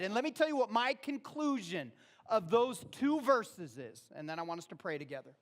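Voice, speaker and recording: A man preaching a sermon in a church, talking casually and rising loud on quoted verses. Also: extremely high pitch, lively intonation, moderate pace. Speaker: pastor. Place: church auditorium.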